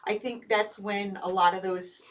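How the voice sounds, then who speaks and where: A woman co-hosting a casual chat who reads out viewer comments and talks in a chatty, eager way, quick to agree. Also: mid-range voice, fairly even intonation, recorded from a distance, slight background noise. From United States. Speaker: co-host.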